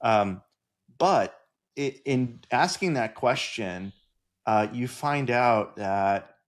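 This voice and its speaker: A man's voice: mid-range voice, animated, slow. A man co-hosting a podcast, speaking in a thoughtful, reflective way with frequent fillers. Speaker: podcast co-host. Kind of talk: casual conversation.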